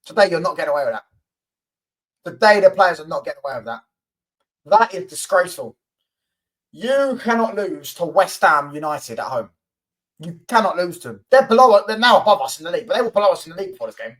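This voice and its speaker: A man's voice: sits high, sing-song, fairly quick, fairly bright tone, low-quality recording. A man hosting a football fan channel, ranting angrily and repetitively with lots of swearing. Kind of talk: angry fan rant to camera.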